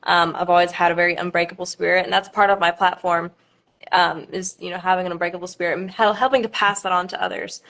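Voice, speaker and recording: A woman in her twenties talks casually to viewers on a livestream. She speaks in a halting way, full of ums and small nervous laughs. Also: on the low side, level tone, gravelly, fairly bright tone. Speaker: pageant contestant.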